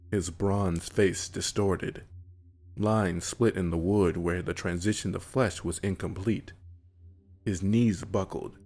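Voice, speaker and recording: A man narrating a scripted horror story in a measured, somber way. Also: sits low, a little mellow.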